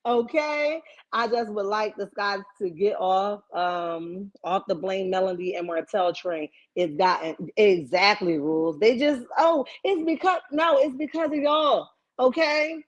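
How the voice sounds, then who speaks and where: A woman hosts a casual live stream, reading chat comments and riffing on them with animated, preachy, sassy outbursts. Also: mid-range voice, a little slow. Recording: dull lo-fi stream audio.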